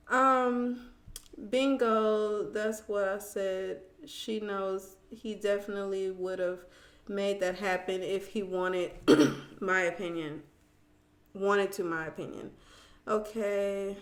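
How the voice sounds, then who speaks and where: A woman's voice: medium pitch, takes it slowly, roomy sound. A woman hosting a casual live stream, talking straight to her viewers and reading their comments aloud. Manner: chatty and animated, talks straight to viewers, reads comments aloud. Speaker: live-stream host recapping a reality show.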